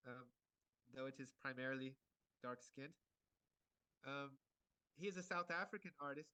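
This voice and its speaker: A man giving an art lecture in short phrases, pausing for an interpreter and filling gaps with many hesitations. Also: mid-range voice, pushed and bright, clear, resonant tone, dry recording. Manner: halting, many fillers and restarts.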